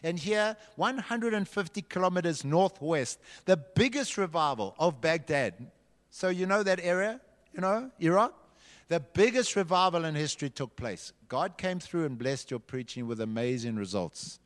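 In a large hall with long reverb, a man leads a children's church group, dramatically telling a Bible story and directing the kids to act it out. His voice is on the high side, expressive, and moderately paced.

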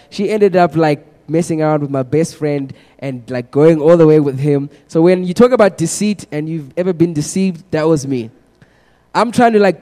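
Young preacher in echoey hall. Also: male voice, fairly high pitch. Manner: casual, animated storytelling with humor. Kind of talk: sermon testimony to a congregation.

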